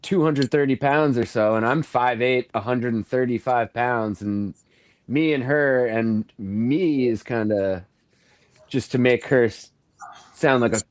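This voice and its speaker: A man telling a story in a casual chat, halting and restarting often. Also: medium pitch, no echo. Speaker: guest crew member.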